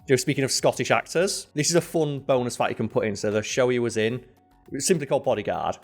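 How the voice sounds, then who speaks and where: British guy on a podcast, tells stories all animated, light music underneath. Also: medium pitch, quick pace. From Britain. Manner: animated storyteller, puts on voices for quotes. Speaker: podcast co-host. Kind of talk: casual chat.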